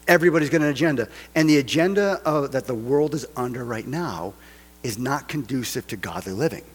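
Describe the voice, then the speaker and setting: A man's voice: mid-range voice, husky, in a large hall. A man preaching a casual sermon, full of rhetorical questions and joking asides. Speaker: pastor.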